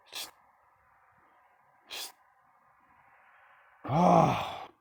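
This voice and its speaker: A man ranting alone to camera in a cold room at home, swearing freely and swinging between loud outbursts and low muttering. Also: extremely slow, no room sound. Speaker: vlogger. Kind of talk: rambling solo rant to camera.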